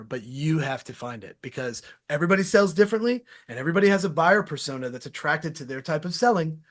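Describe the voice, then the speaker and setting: A lively man speaking as a guest in a casual interview, his voice sitting a little higher than most men's. He tells stories with animated energy and talks in a candid, slangy way. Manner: energetic, animated storytelling with laughs. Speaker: sales podcast host as guest.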